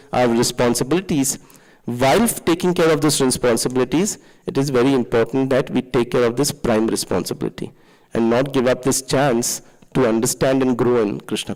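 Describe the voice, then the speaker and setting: A man's voice: medium pitch, darkish tone, rough recording. A man giving a conversational sermon, asking rhetorical questions. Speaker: temple speaker.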